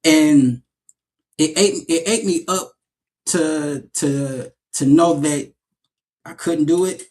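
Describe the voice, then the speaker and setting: Man, actor guest, casual interview, slightly high voice, animated storytelling, repeats words. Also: slow pace.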